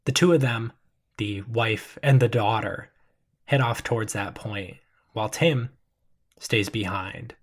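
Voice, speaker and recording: A man narrating as game master of a tabletop game in a slow, measured storytelling manner. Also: lowish voice.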